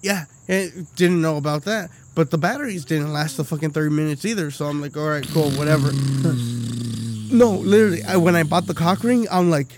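A man with a high voice chats on a podcast, profane and lively. He tells his stories with plenty of laughter and swearing, loose and unfiltered. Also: moderate pace, heavy background noise. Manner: profane, animated storytelling with lots of laughing. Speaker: podcast co-host. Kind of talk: casual chat.

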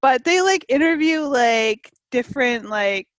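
A woman's voice: sits high, animated, a little slow, no room sound. A woman chatting casually on a podcast, giggly and full of "like". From Canada. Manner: chatty, giggly, lots of "like" and laughs. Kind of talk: casual chat.

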